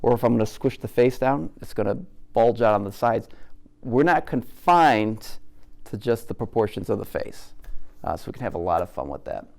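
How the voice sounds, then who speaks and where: A man's voice: fairly low pitch, lively intonation, normal speed, creaky, a little mellow. A man giving a live caricature demonstration to an art group, speaking conversationally, making jokes and asking the audience questions. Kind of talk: live teaching talk to an audience.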